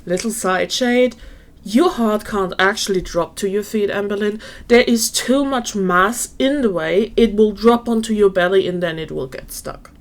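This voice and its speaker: A woman's voice: medium pitch, normal speed. A woman giving skeptical, sarcastic reaction commentary on a video she is watching.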